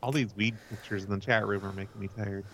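A tired man co-hosting, mumbling in a low-key way. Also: fairly even intonation, fast, a bit bright. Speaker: co-host. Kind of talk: casual chat.

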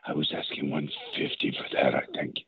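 A man playing a gruff caller with a deep, raspy, threatening voice over a phone line. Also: level tone, brisk, no room sound, exaggerated voice. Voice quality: deep gravelly rasp. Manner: curt and menacing. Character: gravel-voiced gruff man selling a nail gun.

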